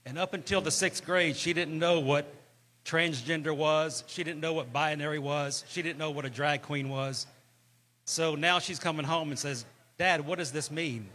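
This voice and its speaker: Earnest man, bright voice. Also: a little high, steady tone, normal speed. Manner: earnest, emphatic. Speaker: interviewee. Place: convention floor.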